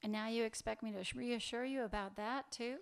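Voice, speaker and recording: A sharp-tongued woman caught in a secret affair, read aloud by a woman at a live fiction reading. Her voice sits a little high, and she answers with cutting, impatient sarcasm. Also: steady tone, brisk, gravelly, clear, resonant tone. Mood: mocking. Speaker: reader of a story's dialogue.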